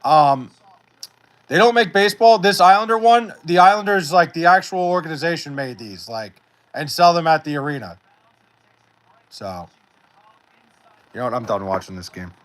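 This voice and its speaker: A young man talking on a live stream in a loose, profane, joking way, bantering with his chat. His voice sits a little high for a man, and he sounds tired. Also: animated, moderate pace, pauses often, a bit bright. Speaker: livestreamer. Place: at home in Wisconsin.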